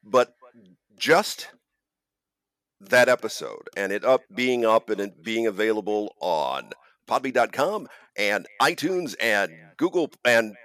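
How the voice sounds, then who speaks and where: A man's voice: lowish voice, lively intonation, slow, fairly bright tone. A man hosting a podcast in casual chat, rambling and joking at himself, with frequent restarts. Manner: rambling, self-deprecating, many restarts. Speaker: podcast host and audio producer.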